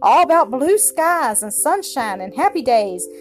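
A woman voicing a lively woodpecker bird in a storybook, trilling birdsong between her words. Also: high voice, unhurried, faint music behind. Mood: excited. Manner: bubbly, sing-song birdcalls.

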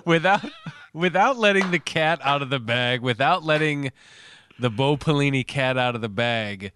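A man's voice: mid-range voice, lively intonation, normal speed, background noise. A man co-hosting a sports podcast in casual chat, meandering as he builds up a reveal.

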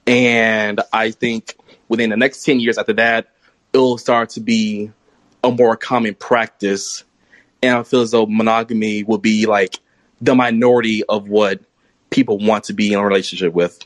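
A young man calling in to a live stream for the first time, nervous and halting, with many ums. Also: lowish voice, little pitch movement, no echo. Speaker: caller. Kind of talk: casual call-in talk.

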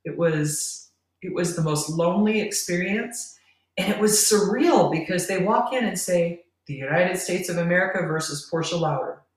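Speaking at an ordinary pace in a lowish voice, a middle-aged woman tells a heartfelt personal story on a podcast, with laughter breaking in between lines. The sound is roomy, as if she's far from the microphone.

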